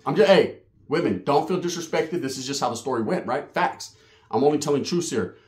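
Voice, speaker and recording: Male host spinning a rowdy, profane street story in a slightly high voice, recorded with roomy echo. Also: brisk. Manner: profane, slangy, animated storyteller who acts out quoted voices. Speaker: channel host telling a story. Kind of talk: casual storytelling vlog.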